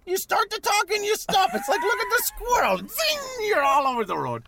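Super high squeaky leprechaun, cheeky n dodgy, voice bouncing all over the place. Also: male voice, wildly swooping pitch, moderate pace, vocal fry, a crowd in the background, heavily acted. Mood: rambling. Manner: ends nearly every line with "Joe", teasing and evasive. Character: cheeky dysfunctional male leprechaun, squeaky, evasive. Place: parked car.

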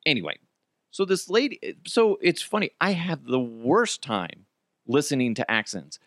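Lively rambling male podcast host. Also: on the high side, moderate pace, dry recording, clean studio sound. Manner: rambling, self-deprecating, swears freely. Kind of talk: casual storytelling monologue.

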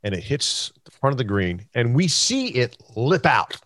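A middle-aged man hosting a casual golf talk show, spinning an animated story full of quoted voices and filler words. His voice sits mid-range for a man and is recorded close and dry, with no room sound. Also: medium pitch, moderate pace, no room sound. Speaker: host.

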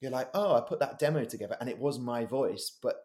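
A man's voice: medium pitch, fast. A man, a voice-over artist co-hosting a podcast, telling stories casually and acting out quoted lines. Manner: lively storyteller, acts out quoted lines. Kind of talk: casual chat.

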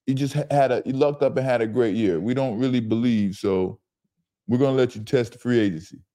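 A man putting on the voice of a smooth, condescending male team general manager with a polite corporate tone. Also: mid-range voice, a little fast, mellow, voice pushed down, close to an everyday voice. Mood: dismissive.

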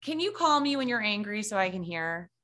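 A woman's voice: medium pitch, sing-song, fairly quick, sharp tone. A woman co-hosting a podcast in casual chat, playful and teasing, laughing a lot. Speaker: podcast co-host.

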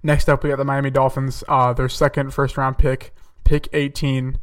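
A man's voice: medium pitch, level tone, moderate pace, distant mic. A young man hosting a podcast, talking casually through his picks and thinking aloud with fillers and self-corrections. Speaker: podcast host. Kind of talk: casual solo mock-draft commentary.

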